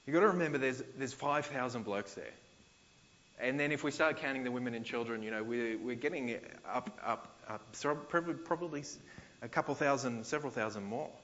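A man's voice: medium pitch, fairly bright tone, muffled recording. A man with an Australian accent preaching a sermon as pastor, conversational, retelling scripture in everyday slang.

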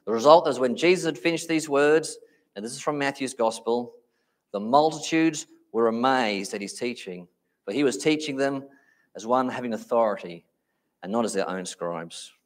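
Emphatic male preacher, middle pitch. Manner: emphatic, slows down on key phrases. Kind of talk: sermon.

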